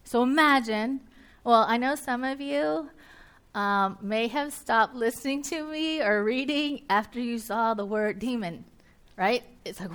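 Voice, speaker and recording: A woman's voice: on the high side, a little slow, clear, resonant tone. Southern woman preaching a chatty sermon. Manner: conversational, with joking asides and voiced listener reactions.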